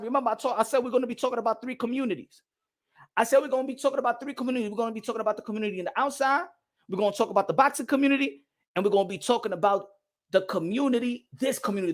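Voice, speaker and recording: A man's voice: very high voice, a bit bright. A man hosting a boxing live stream, ranting heatedly, repeating phrases and switching between English and Spanish. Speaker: boxing channel host.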